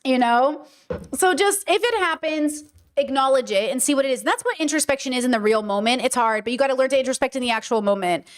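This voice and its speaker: Talking fast in a high-pitched voice, a young podcast host chats emphatically on a casual livestream, full of fillers and false starts.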